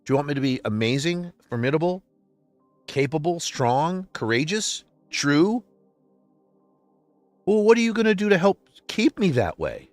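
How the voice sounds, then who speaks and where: An upset man hosting a livestream, giving an emotional personal monologue. He vents with passion and swings between quiet, low stretches and loud outbursts. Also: very animated, normal speed, long pauses, no echo, soft background music. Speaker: livestream host.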